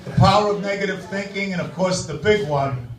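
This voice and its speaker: A man's voice: high-pitched, fairly quick, a little hiss or hum. A man doing crude stand-up comedy in a club, dry and sardonic. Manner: sardonic, crude deadpan jokes. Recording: echoey club from far off.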